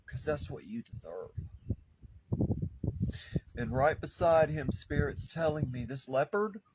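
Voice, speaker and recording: Slow, fervent man reading tarot. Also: mid-range voice, background noise. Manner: fervent, preacher-like, repeats phrases for emphasis. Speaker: tarot reader.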